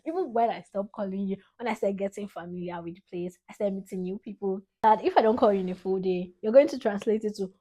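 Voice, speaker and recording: A woman's voice: medium pitch, expressive, fast, dark tone. A young woman in her twenties with a Nigerian accent, talking to camera in a heartfelt, dramatic tribute to her father, laughing between lines. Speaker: vlogger.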